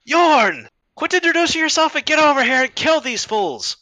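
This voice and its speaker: A man's voice: extremely high pitch, sing-song, moderate pace, bright, forceful tone, no room sound, pitched above the performer's own voice, full character voice. A man voicing a fierce, bossy female bandit warrior who barks orders at her ally. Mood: impatient. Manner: barking orders.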